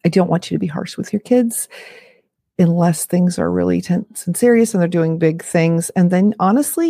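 A woman's voice: fairly low pitch, creaky, mellow, dry recording, studio quality. Chatty, frank woman in her fifties. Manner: chatty, frank, self-deprecating asides. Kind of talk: casual talk to camera.

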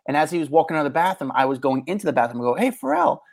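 A man's voice: mid-range voice, rapid-fire. A man co-hosting a podcast, telling rambling stories with many fillers and restarts. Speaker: podcast co-host. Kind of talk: casual chat.

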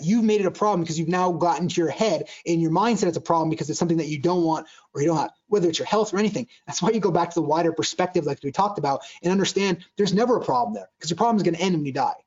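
A man's voice: a little high, rapid-fire, few pauses, darkish tone. A man giving an earnest motivational talk, often restarting sentences and acting out quoted conversations. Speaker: speaker on joy at work. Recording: dull lo-fi sound.

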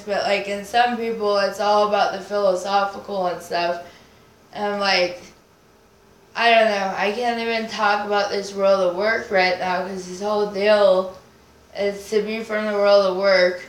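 Rambling, swearing woman in a roomy echo. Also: mid-range voice. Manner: rambling, swearing, invents nonsense words. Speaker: podcast guest. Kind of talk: casual rambling chat. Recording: roomy echo, faint noise.

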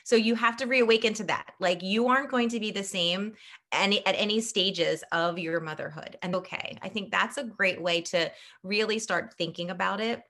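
A woman's voice: medium pitch, moderate pace, pushed and bright. A woman who is a guest on a podcast interview, talking in an earnest, encouraging and reflective way. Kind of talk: casual interview chat.

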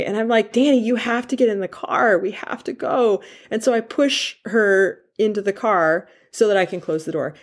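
A woman's voice: medium pitch, a little mellow. A woman in her forties telling a personal story in a candid, confessional way, with plenty of fillers. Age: 40s.

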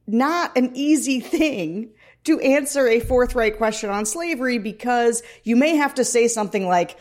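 A woman co-hosting a political podcast, talking quickly and emphatically in casual chat. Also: fairly high pitch. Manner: quick, emphatic, restarts mid-thought. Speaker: podcast co-host.

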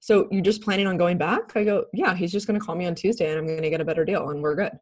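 A lively woman with a low, husky voice talks very fast as a podcast guest and recruiting firm founder. Telling stories in a casual interview, she's animated, laughs frequently, and imitates the people she quotes.

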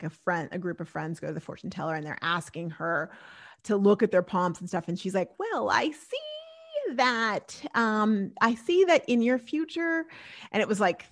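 A woman's voice: on the low side, steady tone, quick pace. A woman hosting her own podcast, talking alone in a bubbly, chatty way and laughing often at herself. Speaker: podcast host. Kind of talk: casual solo podcast monologue.

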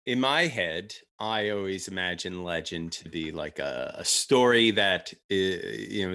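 A man co-hosting a casual podcast chat, animated and laughing often, often restarting his sentences. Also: on the low side. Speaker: podcast co-host.

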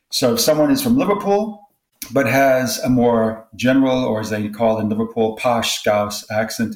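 A man's voice: mid-range voice, a little mellow. A man, a guest sociolinguist, giving thoughtful, expansive interview answers. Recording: roomy echo.

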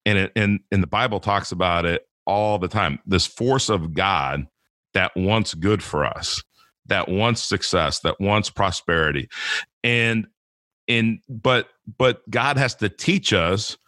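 A man's voice: sits low, takes it slowly, pushed and bright, no room sound, studio quality. A man talking casually about faith as a podcast guest, rambling with many restarts and fillers.

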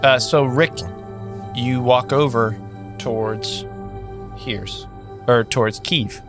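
A man narrating a tabletop role-playing game as game master, in a relaxed, conversational way. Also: mid-range voice, slow pace, music in the background.

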